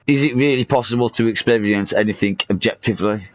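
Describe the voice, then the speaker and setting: A man with a very deep voice chats casually over a headset during a game stream. He muses playfully and laughs often at his own jokes. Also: fast, no room sound. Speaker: livestream host. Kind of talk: casual chat while gaming.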